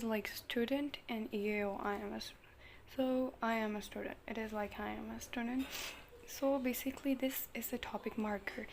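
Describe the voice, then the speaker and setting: A woman's voice: fairly high pitch, a little hiss or hum. A woman giving a casual online grammar lesson at home, explaining patiently with lots of "like" and "basically" and repeating her example phrases. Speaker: language teacher.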